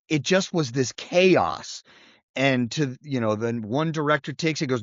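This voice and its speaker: A man's voice: a little high, animated, unhurried, no room sound, highs cut off. A man co-hosting a podcast, telling a film story casually, acting out scenes and swearing now and then. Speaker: podcast co-host.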